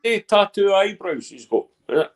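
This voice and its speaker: A man's voice: high-pitched, sing-song, normal speed. A man rambling and swearing as a guest in a casual live stream chat. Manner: rambling, swears, laughs at his own talk.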